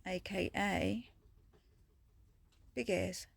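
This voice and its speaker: Slow, gravelly woman cooing to kittens. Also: steady tone, slight background noise. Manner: coos and sing-songs to the kittens in high pitched baby talk. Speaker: vlogger. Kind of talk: casual chat to stray cats.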